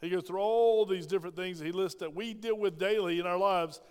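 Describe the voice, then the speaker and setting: Echoey reverb from the church hall surrounds an older pastor as he delivers an emphatic sermon in the sanctuary, asking his congregation questions. He speaks fairly quickly in a high-pitched voice with a clean tone.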